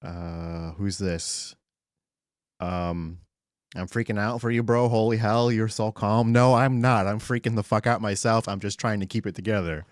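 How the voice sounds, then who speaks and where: A man streaming live, chatting casually and excitably with his chat, swearing often and greeting viewers by name. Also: on the low side, unhurried, no echo, studio quality.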